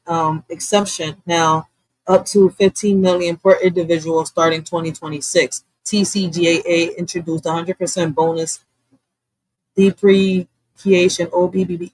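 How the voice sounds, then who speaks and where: A woman hosting a casual livestream, talking bluntly with lots of swearing and reacting loudly, with laughs, to comments from her chat. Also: fairly low pitch, dry recording, low-quality recording. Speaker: livestream host.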